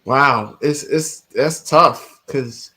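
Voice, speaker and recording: A man on a talk show, talking in halting casual chat and restarting his thoughts. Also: mid-range voice, sharp tone, husky.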